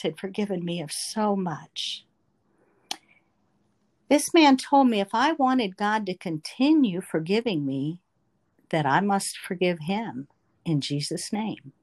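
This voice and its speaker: Slow, earnest woman telling her testimony. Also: mid-range voice. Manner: slow, earnest, emotional storytelling. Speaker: testimony speaker. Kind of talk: personal faith testimony narration.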